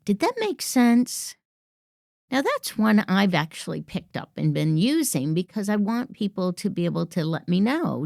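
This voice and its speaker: A woman's voice: on the low side, vocal fry, a little mellow, dry recording, clean studio sound. A woman hosting a workplace podcast, coaching listeners in an assertive manner and acting out example phrases. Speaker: podcast host. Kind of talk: instructive podcast monologue.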